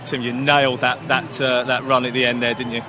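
A man working as a sports reporter, asking quick, friendly questions in a field interview. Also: mid-range voice, flat delivery. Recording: noisy outdoor recording with crowd.

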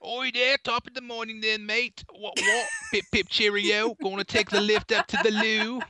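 A man's voice: very animated, normal speed, pushed and bright, heavily acted. A man doing a silly, exaggerated impression of a cheeky British bloke in a casual chat. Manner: squeaky high mock-British patter, giggly.

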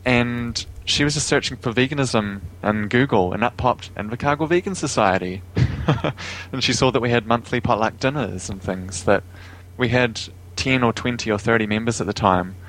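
A man's voice: medium pitch, normal speed, fairly bright tone, a little hiss or hum, rough recording. A man with a New Zealand accent, a guest talking casually in an interview over a remote call, easygoing and chuckling often. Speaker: guest, vegan activist.

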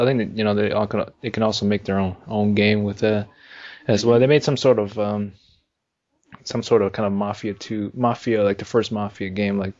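A man co-hosting a casual podcast chat about video games, rambling and halting with many fillers. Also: on the low side, darkish tone. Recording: dull lo-fi sound.

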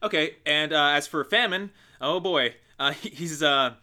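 A man with a bright, slightly high voice throws out story ideas in casual chat. He laughs easily and restarts his sentences as he thinks. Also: measured pace. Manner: easygoing, laughs a lot, stumbles over words. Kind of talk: casual improv brainstorming.

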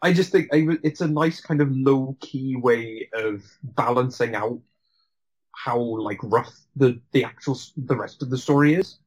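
Man, husky voice, casual film chat, rambling, restarts, laughing. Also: medium pitch, measured pace, rough recording.

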